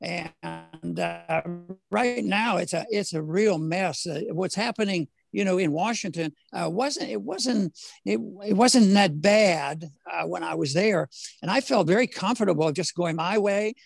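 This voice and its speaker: An older man, a former congressman, talking as an interview guest in a halting way with many fillers, restarts and the odd chuckle. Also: high voice, animated, gravelly, no room sound, soft background music. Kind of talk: casual interview conversation.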